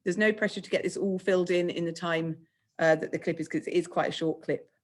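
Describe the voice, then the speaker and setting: A woman with an English accent teaching children in a recorded remote lesson, speaking clearly, patiently and encouragingly. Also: on the low side, steady tone, a little fast. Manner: clear, patient, encouraging, acts out example speech lines. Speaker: primary school teacher.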